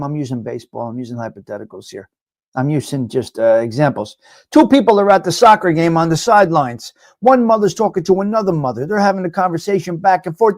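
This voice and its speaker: A man's voice: fairly high pitch, a little mellow, no room sound. A man hosting a live stream, ranting bluntly and profanely to his viewers and repeating himself. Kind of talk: casual ranting chat with viewers.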